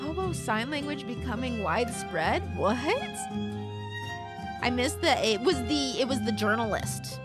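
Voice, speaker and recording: A woman's voice: fairly high pitch, sing-song, a little slow, loud music behind the voice. A young woman streaming a video game, giggling and chatting casually as she reacts to it. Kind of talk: casual gameplay commentary.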